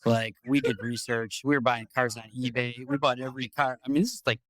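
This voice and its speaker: A man's voice: medium pitch, flat delivery, fairly quick, a bit bright, dry recording. A man hosting a podcast, telling a long story in a casual, rambling way, swearing and repeating himself. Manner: rambling, profane, repeats words. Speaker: podcast host.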